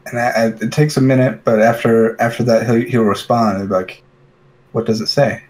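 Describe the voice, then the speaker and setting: A man running a tabletop game as game master, narrating with relaxed, halting phrasing. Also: mid-range voice.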